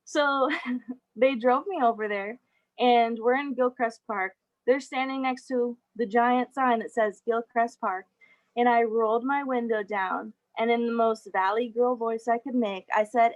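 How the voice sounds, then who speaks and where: A woman's voice: on the high side, unhurried, highs cut off. Chatty young woman giving a talk. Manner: chatty, laughs often, many fillers. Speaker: guest speaker. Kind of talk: casual presentation over a video call.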